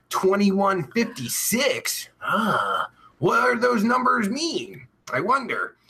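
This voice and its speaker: A man hosts a casual live stream, reeling off viewer names and crude, swear-filled asides. His voice sits high and bright with a husky grain. He talks slowly and his pitch leaps around as he goes. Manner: rambling and heavily profane; jokey and crude. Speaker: podcast host.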